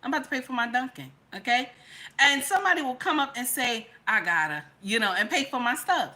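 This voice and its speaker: This middle-aged woman talks fast in a high, animated voice as she hosts her commentary channel. She preaches to viewers, goes back over the same points, and drops from loud to quiet.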